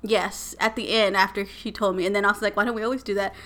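A woman, telling a story as a podcast co-host in a casual, animated and exasperated way. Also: medium pitch, quick pace. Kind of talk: casual chat.

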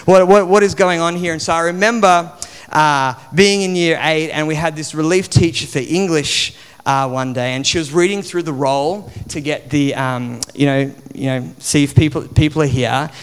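A man gives a sermon in a loose, chatty way, dropping plenty of fillers as he goes. His voice is slightly high and notably smooth and resonant. It rings out with a long reverb from the hall around him. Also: normal speed. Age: 40s. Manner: conversational, chatty with many fillers. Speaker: preacher.

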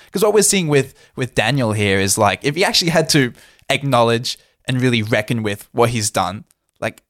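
A man's voice: mid-range voice, creaky, a bit bright, no echo, studio quality. A man co-hosting a podcast, talking in a thoughtful, reflective and slightly formal way. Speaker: podcast co-host. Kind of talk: casual chat.

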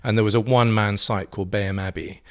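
An English painter telling playful, theatrical anecdotes in a relaxed interview chat, often breaking into giggles. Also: male voice, fairly low pitch, fast talker. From England. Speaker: guest, painter.

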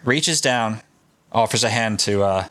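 A man hosting a podcast, telling a story in casual, profane and excited chat. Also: lowish voice, measured pace, dry recording. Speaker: podcast host.

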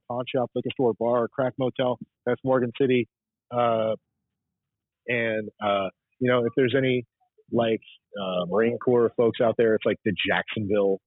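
A husky man's voice coming through a narrow, phone-like line, dry and close. He talks loosely and rambles through his stories as a podcast guest, with plenty of fillers and restarts and the odd swear. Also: medium pitch, dry recording. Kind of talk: casual storytelling chat.

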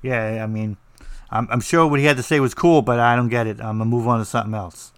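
A man's voice: mid-range voice, fairly even intonation, quick pace, smooth, dry recording. A man with a New Jersey accent, teaching about writing in a blunt, rambling, joking way with lots of fillers. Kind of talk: casual monologue.

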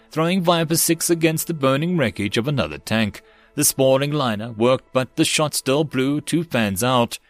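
Guy reading a sci-fi web novel audiobook, steady mid voice, bit of music in the back. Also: mid-range voice. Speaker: audiobook narrator. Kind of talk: audiobook narration.

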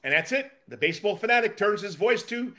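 A man chats as co-host of a baseball podcast, his voice pitched high with a bright, forward edge. He stumbles and restarts freely and pokes fun at his own blunders. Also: expressive, quick pace. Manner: stumbling, self-deprecating, chatty. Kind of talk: casual podcast chat.

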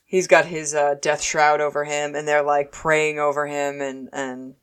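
Low-voiced woman chatting playfully. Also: little pitch movement, smooth. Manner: playful, acts out characters in quick voices, laughs often. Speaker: podcast co-host. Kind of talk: casual chat recapping a TV episode.

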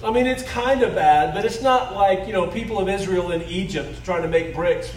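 A middle-aged male pastor delivers a conversational sermon with a fairly high voice. He moves between loud emphasis and soft, hushed asides. The sound is roomy and echoey, picked up from some distance away. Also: normal speed, slight background noise.

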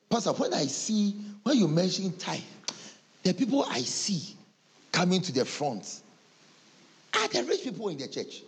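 A Ghanaian pastor preaches with a husky, fairly high voice that leaps all over the place. He acts out his congregation's excuses in different voices and laughs along with them. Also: unhurried, pauses often. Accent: Ghanaian English. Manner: animated preaching, acts out church members' excuses, laughs often. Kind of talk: sermon.

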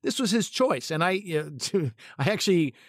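A man's voice: high voice, big pitch swings, normal speed, no room sound, studio quality. A man who co-hosts a podcast and works as a comedic actor, talking casually and thoughtfully, often restarting his sentences as he tells a story.

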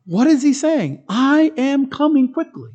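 A male pastor giving a sermon in a church. He is emphatic and conversational, moving between strong stresses, quiet asides and humorous stories. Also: extremely high pitch, big pitch swings, a little slow, highs cut off.

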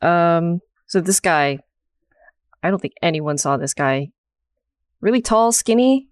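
A woman's voice: on the low side, lively intonation, slow pace, smooth, no echo, studio quality. Woman chatting on a podcast. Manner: tells stories in short, loose fragments. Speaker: podcast co-host. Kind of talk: casual roundtable podcast chat.

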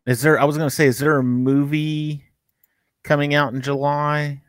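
A man's voice: on the high side, level tone, moderate pace, clear, resonant tone, no echo. A man co-hosting a live fan talk show, chatting casually and rambling, often restarting his sentences. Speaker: podcast co-host.

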